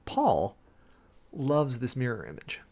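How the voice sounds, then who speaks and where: A man's voice: mid-range voice, wildly swooping pitch, takes it slowly, darkish tone. A man preparing a sermon, reading scripture aloud and thinking it through in a rambling, self-interrupting way. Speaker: preacher.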